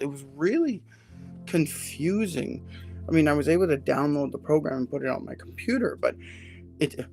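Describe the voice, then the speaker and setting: A man in his forties chats unhurriedly on a live stream, his voice carrying a gravelly rasp. He rambles along with self-deprecating jokes, with faint music underneath. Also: fairly high pitch. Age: 40s. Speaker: livestream host, HR consultant. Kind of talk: casual live-stream chat.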